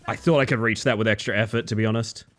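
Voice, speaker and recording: A man's voice: on the low side, steady tone, quick pace, fairly bright tone. A man live-streaming a game, chatting casually and dryly to his viewers with self-mocking asides. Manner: dry, self-mocking, talks to chat.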